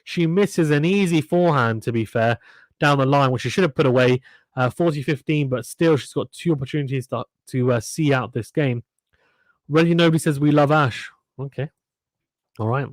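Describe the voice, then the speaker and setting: A man doing casual play-by-play of a tennis match on a live stream, chatting between points and reading viewer comments aloud. His voice sits at an ordinary middle pitch and is recorded close and dry, with no room sound. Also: moderate pace, no room sound.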